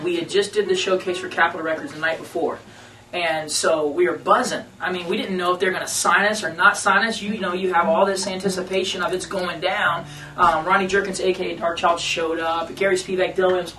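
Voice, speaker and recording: A man, a band member, telling a story to radio hosts in a lively, slangy storytelling manner. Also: sits high. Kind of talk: casual storytelling interview. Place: radio station conference room. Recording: roomy room, mic at a distance, faint noise.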